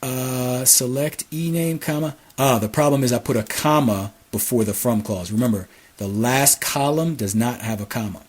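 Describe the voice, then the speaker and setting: A man teaching a hands-on database lesson over a screen recording, repeating key phrases and dictating commands slowly as he types. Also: medium pitch, a little mellow, slight background noise. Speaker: SQL instructor.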